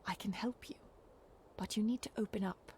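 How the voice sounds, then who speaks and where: A caring woman companion in a video game, played by a woman, gentle but insistent. Her voice is mellow and warm, with faint ambience underneath. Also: medium pitch, normal speed, a little hiss or hum, natural voice. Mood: coaxing.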